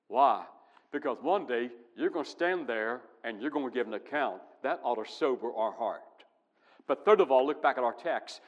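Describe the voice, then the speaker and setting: A male pastor preaching with emphatic force, his voice ringing in a long hall reverb. He swings from loud, driving passages to hushed, low ones. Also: expressive, normal speed. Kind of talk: sermon.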